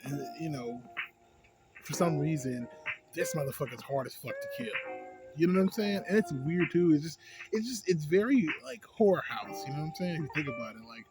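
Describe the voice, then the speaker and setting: A man's voice: on the high side, brisk, music in the background. A man vlogging a casual movie review, rambling and cursing heavily. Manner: profane, rambling, animated.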